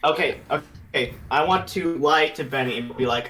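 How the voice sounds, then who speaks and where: A woman playing a tabletop game, describing her character's schemes in quick asides. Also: low-pitched, a bit bright, soft background music, poor audio. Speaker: player. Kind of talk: casual tabletop play.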